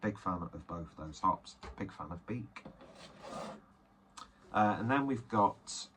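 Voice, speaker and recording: Man, lowish voice, casual rambling beer chat, self-deprecating, faint background hiss. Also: animated, slow, a bit bright. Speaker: beer reviewer.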